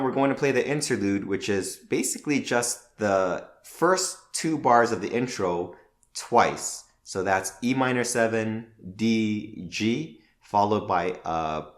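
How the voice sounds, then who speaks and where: A man teaching a guitar lesson, calmly naming the chords and counting out strum patterns. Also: fairly low pitch. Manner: calm, counts out strums plainly. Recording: roomy with loud guitar music. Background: guitar playing.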